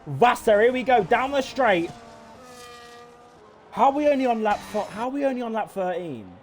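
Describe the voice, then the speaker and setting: A man giving excitable, swear-filled live commentary on a sim race, often laughing in disbelief. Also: extremely high pitch, moderate pace, a little hiss or hum.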